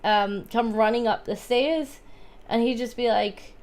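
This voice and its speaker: A woman's voice: fairly high pitch, measured pace, a little mellow. A woman chatting casually, giggling often and swearing freely. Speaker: guest. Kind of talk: casual chat.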